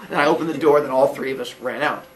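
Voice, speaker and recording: A man in his forties telling a childhood story casually, animated and laughing often, acting out quotes in a high voice. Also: quick pace, recorded from a distance, slight background noise. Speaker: podcast host.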